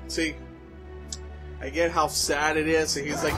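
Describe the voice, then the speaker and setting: A man hosting a casual anime reaction, excitable, swearing and yelling at the screen. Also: a little high, unhurried, over music.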